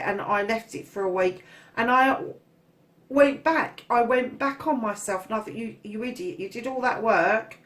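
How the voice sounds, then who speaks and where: A woman with a slightly high voice talks her listeners through a tarot reading. She leans hard on her points and says them twice, and she calls her audience darlings. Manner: emphatic, repeats key phrases, calls listeners darlings. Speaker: tarot reader. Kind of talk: casual spoken tarot reading.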